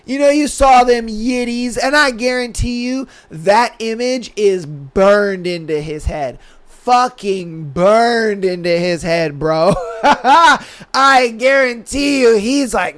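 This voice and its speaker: Animated slangy young man, high voice. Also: slow, clear, resonant tone. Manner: animated, slangy, swearing, acts out quotes. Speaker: podcast host. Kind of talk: casual storytelling chat.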